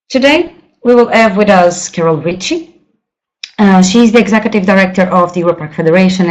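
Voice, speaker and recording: Lowish woman moderator on dull web audio. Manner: polite, hesitant with fillers. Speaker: webinar moderator. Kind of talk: webinar introduction.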